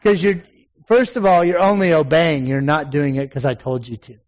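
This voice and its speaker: A preacher voicing God as a calm, fatherly figure who gently corrects him in a lower voice. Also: moderate pace, natural voice. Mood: gently correcting.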